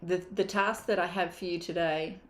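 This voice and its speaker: A woman's voice: fairly low pitch, steady tone, normal speed. A woman, a mindset coach giving a candid, emphatic motivational course talk and swearing casually. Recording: roomy echo.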